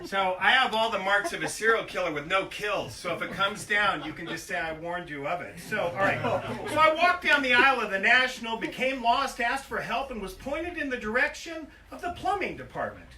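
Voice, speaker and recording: A man's voice: sits high, very animated, a little fast, hardly any pauses, crowd noise. An older man reading his own memoir aloud at a bookstore event, profane and self-mocking, drifting into comic tangents. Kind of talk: live book reading with comic asides. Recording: echoey store room, heard from far off.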